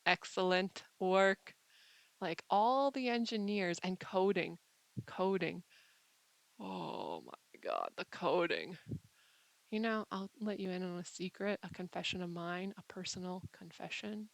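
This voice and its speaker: A woman's voice: lowish voice, unhurried, rough recording. A woman host musing in a casual monologue, playful and rambling, with mock drama. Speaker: channel host.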